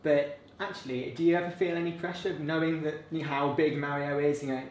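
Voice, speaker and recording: A man's voice: a little high, steady tone, reverberant, a little hiss or hum. A young man interviewing a guest in an upbeat, casual way. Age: young adult. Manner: quick, upbeat, laughs along.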